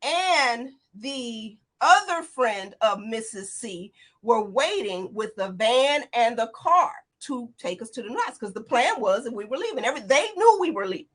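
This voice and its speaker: A woman in her forties, a guest in an interview, retelling a frightening escape in an animated, tumbling way, full of quoted dialogue. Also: fairly high pitch, unhurried. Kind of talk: emotional personal account.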